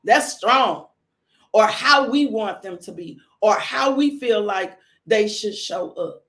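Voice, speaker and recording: A middle-aged woman speaks about faith and raising her children in an earnest, heartfelt testimony. Her voice carries a gravelly fry at mid pitch, and she circles back on her phrases to drive each point home. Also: lively intonation, slow pace, a bit bright. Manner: earnest, repeats phrases for emphasis. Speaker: mother sharing faith and parenting lessons. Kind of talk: personal testimony talk.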